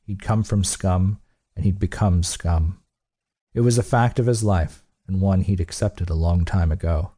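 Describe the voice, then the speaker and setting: Guy reading an audiobook, lowish mellow voice, blunt and steady. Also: measured pace, husky. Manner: steady, blunt, profane delivery. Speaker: audiobook narrator. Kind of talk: scripted narration.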